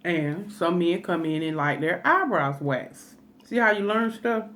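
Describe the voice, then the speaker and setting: A woman's voice: on the low side, expressive, a little slow, fairly bright tone. A woman food vlogger telling a funny story in a chatty, folksy way while eating, with laughing asides.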